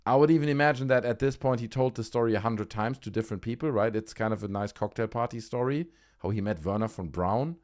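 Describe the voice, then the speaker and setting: A man's voice: fairly low pitch, fast talker, a little mellow. A man hosting a livestream, giving casual, sarcastic commentary and swearing freely. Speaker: livestream host.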